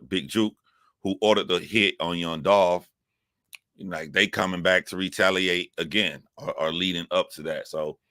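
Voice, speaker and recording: A man with a very low, bright and forceful voice chats on a livestream from his phone at home. He rambles, restarts his sentences and talks straight to viewers. The sound is dry and close. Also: dry recording. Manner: rambling, self-correcting, chatty. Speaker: YouTube livestream host. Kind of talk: casual livestream monologue.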